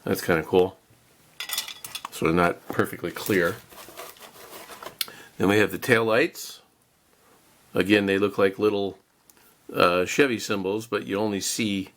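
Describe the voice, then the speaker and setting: A man with a low, gravelly voice talks his way through a model kit unboxing in a loose, rambling way. He chats to his viewers and pokes fun at himself with small chuckles. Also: fairly even intonation, measured pace, pauses often, a bit bright. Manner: rambling, chatty, self-deprecating with chuckles. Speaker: model car kit reviewer. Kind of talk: casual unboxing narration.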